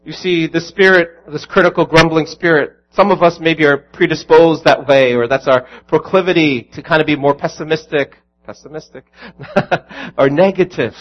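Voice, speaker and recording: A man's voice: fairly high pitch, moderate pace, muffled recording. A man preaching a sermon as pastor, earnest and building to emphatic peaks.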